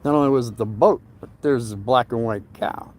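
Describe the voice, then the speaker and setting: A man's voice: medium pitch, fairly quick, darkish tone, a little hiss or hum. An older man casually telling a personal story, rambling and often repeating words as he searches for them.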